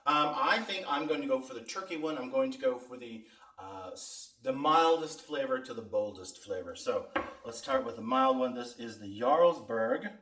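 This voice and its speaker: A man's voice: medium pitch, expressive, normal speed, fairly bright tone. Chatty man reviewing snacks in an echoey room. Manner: chatty, talks with mouth full while eating. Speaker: host of a food taste-test vlog. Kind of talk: casual food review vlog. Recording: echoey room, mic at a distance.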